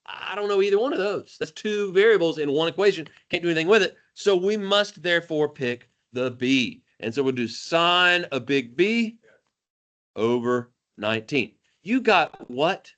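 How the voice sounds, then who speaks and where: A man teaching math to a class, animated and jokey, calling on students by name. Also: on the high side, normal speed. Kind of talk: classroom lecture.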